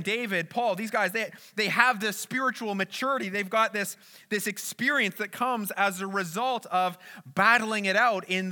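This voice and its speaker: A man preaching a sermon in an earnest way, rising to loud urgent peaks and dropping to soft, hushed stretches. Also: sits high. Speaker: pastor.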